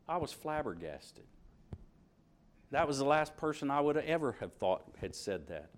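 A man's voice: mid-range voice, sing-song, normal speed, slight background noise. A middle-aged man preaching a sermon, reading scripture aloud and asking his congregation questions.

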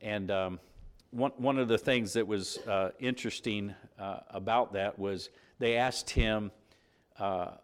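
A man preaching a conversational sermon, halting and circling back mid-sentence, often putting rhetorical questions to his listeners. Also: on the low side, clean tone.

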